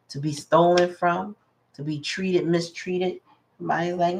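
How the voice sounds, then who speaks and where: A woman's voice: lowish voice, fairly even intonation, unhurried, vocal fry, darkish tone, slight background noise, rough recording. A woman giving a casual live tarot reading, musing aloud and greeting her viewers. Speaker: tarot reader.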